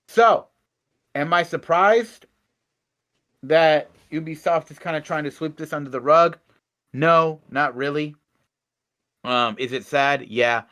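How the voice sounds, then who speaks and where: A young man with a mid-range voice co-hosts a casual news chat. He reads reports and breaks in with sarcastic remarks. His delivery is animated, jumping from loud to soft. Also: mid-range voice. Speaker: co-host.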